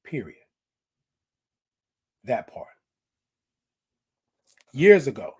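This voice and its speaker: A man's voice: fairly high pitch, unhurried, darkish tone. A man in his forties hosting a live stream, talking casually and affectionately to his viewers, repeating his phrases for emphasis. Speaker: host of a live-stream show.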